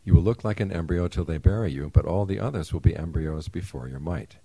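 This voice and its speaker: A genial creator god from a spoken fable booms out his pronouncements in a very deep, dark, husky voice, as a man reads him aloud. The sound is close and dry. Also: fairly quick, dry recording, heavily acted, low-quality recording. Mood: benevolent.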